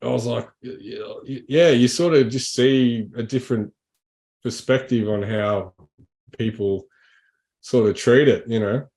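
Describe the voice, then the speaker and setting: A man speaking as a podcast guest, in a middle-pitched voice. His talk is relaxed and rambling, full of fillers and restarts. He sounds easygoing throughout. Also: unhurried. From Australia. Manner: rambling, laid-back, many fillers. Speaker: guest musician. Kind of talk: casual podcast chat.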